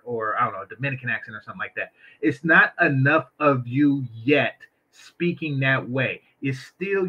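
A man's voice: mid-range voice, husky, muffled recording. Blunt, crude-joking man commentator. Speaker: reaction video commentator. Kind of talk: casual commentary.

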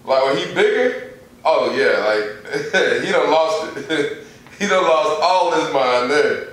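A man's voice: a little high, animated, slow, a bit bright, heavy reverb, far from the mic, poor audio. A man in casual podcast chat, slangy and laid-back.

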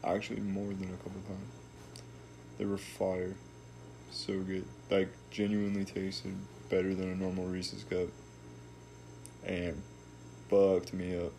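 A man's voice: low-pitched, completely flat delivery, unhurried, vocal fry, pauses often, warm tone, slight background noise. A young man telling a long story in a casual, laid-back way, full of slang and swearing.

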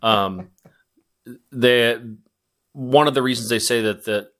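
Measured, hesitant man, casual chat. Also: mid-range voice, a bit bright. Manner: measured, hesitant, pauses with ums.

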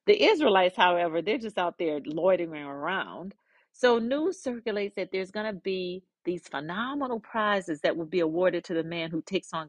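A woman podcast host narrating a story in a lively, conversational way with asides. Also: fairly low pitch, no room sound.

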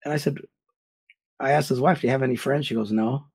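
A man giving blunt, animated relationship advice in a casual chat. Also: medium pitch, fast, slightly rough.

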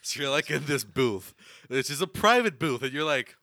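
A young man talks in casual banter with friends, his pitch swinging widely as he acts out scenes. His voice sounds bright and forceful. The recording is close and dry, with no room sound. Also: normal speed, no echo. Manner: animated storyteller, acts out loud quoted voices, laughs often. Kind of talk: casual chat among friends.

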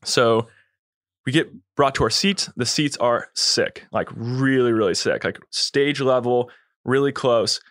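A man's voice: mid-range voice, unhurried, fairly bright tone, no echo, clean studio sound. A young man, a podcast guest, telling a long story in a laid-back, slangy way and acting out quotes. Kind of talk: casual storytelling.

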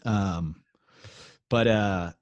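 A man with a very low voice tells a loose, rambling story, leaning on fillers and cursing freely. He sounds like a touring musician chatting on a podcast. The sound is dry and close, with no room around it. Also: drawn-out words, no room sound, lo-fi sound. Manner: rambling, profane, laid-back storytelling with many fillers. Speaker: musician guest. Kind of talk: casual storytelling chat.

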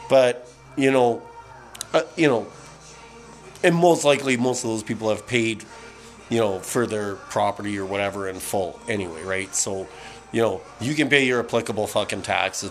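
A middle-aged man from Canada hosting a podcast, ranting casually with lots of swearing, fillers and restarts, a bit tipsy from beer. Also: mid-range voice. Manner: profane, rambling, many fillers and restarts. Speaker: podcast host.

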